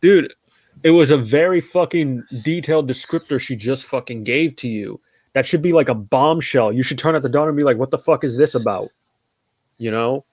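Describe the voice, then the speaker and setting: A man's voice: medium pitch, normal speed, darkish tone, no room sound. A man co-hosting a stream, chatting casually with viewers and ranting in a heated, profane way. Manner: heated, profane, talks to chat. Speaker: stream co-host. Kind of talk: casual reaction commentary.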